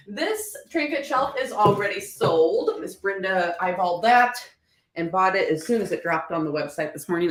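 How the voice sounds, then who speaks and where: A woman's voice: lowish voice, echoey room. A woman chatting casually and upbeat to viewers about her thrift finds. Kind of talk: casual haul vlog.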